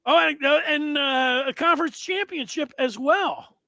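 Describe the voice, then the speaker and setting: A man's voice: very high voice, measured pace, bright, forceful tone, no echo. A man hosting a sports talk show, telling stories in a playful, joking way. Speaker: show host.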